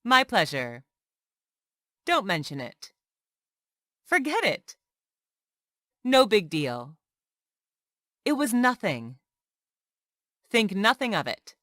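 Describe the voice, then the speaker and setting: A woman reading short everyday English phrases aloud one by one, clearly and carefully, as a language lesson. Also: mid-range voice, big pitch swings, takes it slowly, long pauses, fairly bright tone, dry recording, clean studio sound. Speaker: English teacher.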